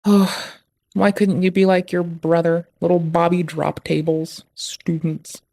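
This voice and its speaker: A man's voice: a little high, little pitch movement, measured pace, creaky, mellow. A man putting on an exasperated scolding mom. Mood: patronizing. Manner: mock-motherly, then theatrically harsh. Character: exasperated scolding mother of a teen hacker.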